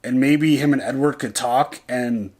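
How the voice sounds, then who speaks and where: A man's voice: mid-range voice, unhurried, a little mellow. A man co-hosting a reaction video, chatting casually, loose and profane, thinking aloud and restarting his sentences. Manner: loose and profane, heavy on "like" and "dude".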